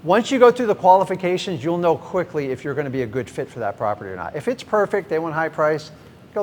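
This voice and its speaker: A middle-aged man, a real estate coach, teaching a live seminar with energy and speaking straight to the audience. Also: fast talker. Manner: energetic, talks straight to the crowd. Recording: reverberant hall, faint rumble.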